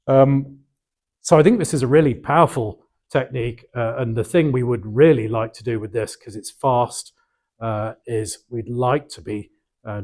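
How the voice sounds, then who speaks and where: A man's voice: medium pitch, darkish tone, slightly rough. A middle-aged man giving an academic lecture, hesitant, with frequent ums and restarts.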